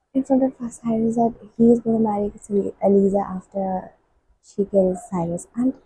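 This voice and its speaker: A woman's voice: on the high side, warm tone, husky, poor audio. A young woman vlogging as she reads, gushing emotionally as she reacts and reads passages aloud. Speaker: book vlogger. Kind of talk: casual reading-vlog commentary.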